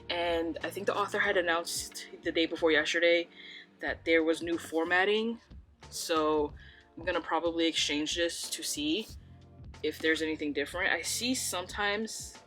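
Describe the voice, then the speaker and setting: Young woman, casual home vlog chat, chatty and rambling, slightly low-pitched. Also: fairly bright tone. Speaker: book vlogger. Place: home room by bookshelves.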